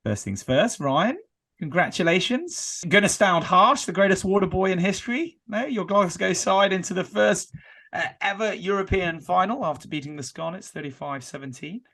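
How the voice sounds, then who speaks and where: A man's voice: sits high, expressive, normal speed, gravelly, fairly bright tone. A man hosting a podcast, introducing guests and asking teasing questions. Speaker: podcast host.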